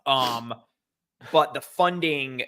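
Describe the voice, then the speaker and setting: A young man guesting on a podcast, telling stories and rattling off trivia in an animated, joking way. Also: medium pitch, very slow, clean tone. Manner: animated storyteller, rattles off facts, jokey. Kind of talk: casual chat.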